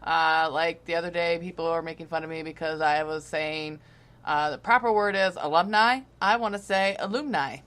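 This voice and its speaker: Podcast co-host, woman, slight Southern drawl, bright tone, loose and profane banter. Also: sits low, steady tone, moderate pace, smooth. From Ohio. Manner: chatty, laughs often, swears casually. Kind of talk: casual chat.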